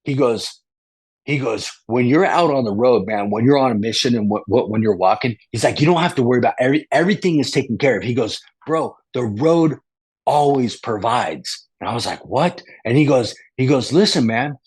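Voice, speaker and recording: A man's voice: medium pitch, lively intonation, fast, a little mellow, husky. A man as a guest, telling a rambling story with lots of restarts and casual slang like "dude" and "bro".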